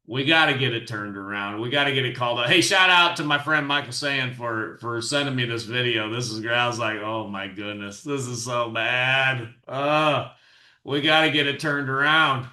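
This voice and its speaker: A man's voice: medium pitch, brisk, sharp tone, reverberant. A man hosting his own commentary show, reacting to video clips with exasperated, sarcastic and preachy remarks. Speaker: host and commentator.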